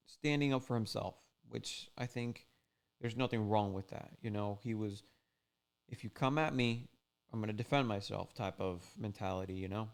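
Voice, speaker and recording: A man's voice: medium pitch, vocal fry. A man casually recapping a fishing trip story in a rambling, laid-back way, full of "like" and "you know". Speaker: fishing channel host.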